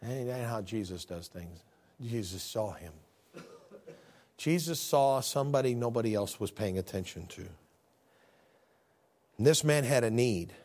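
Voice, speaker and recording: A man preaching a sermon, animated, acting out scripture scenes with voices. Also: mid-range voice, normal speed, long pauses.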